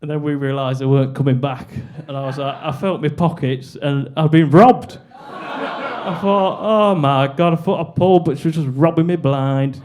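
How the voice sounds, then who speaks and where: A man's voice: fairly high pitch, steady tone, moderate pace, darkish tone. A young man doing a stand-up comedy set, rambling and self-deprecating, on a club stage with a handheld mic.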